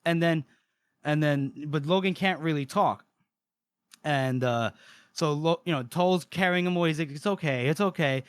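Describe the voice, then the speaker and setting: A man's voice: fairly high pitch, moderate pace, pauses often, clean tone, no room sound. A man co-hosting a podcast, casually recapping a book and acting out the characters' lines. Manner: animated retelling, acts out the characters' lines. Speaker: podcast co-host.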